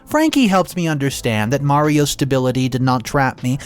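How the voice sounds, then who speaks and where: A man narrating a first-person story in an expressive, dramatic reading with occasional restarts. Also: medium pitch, brisk, clean tone, soft background music.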